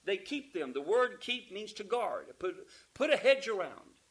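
A man preaching a sermon, emphatic, asking the congregation rhetorical questions and calling for amens, dropping from loud peaks to quiet asides. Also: high voice, very animated, a little slow, poor audio.

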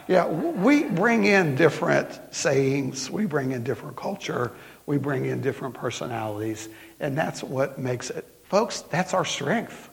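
Gravelly Southern preacher in a reverberant church. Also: male voice, a little high, lively intonation. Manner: folksy storytelling preaching, slows for emphasis. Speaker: pastor. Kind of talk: sermon. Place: church sanctuary. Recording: long hall reverb.

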